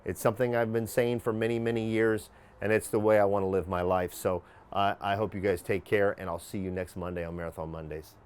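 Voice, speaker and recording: A man's voice: lowish voice, steady tone, brisk, hardly any pauses, smooth. A man hosting a sales tour of a motor coach, speaking in upbeat salesman patter and repeating his phrases. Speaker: salesman and show host. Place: inside a luxury bus conversion coach.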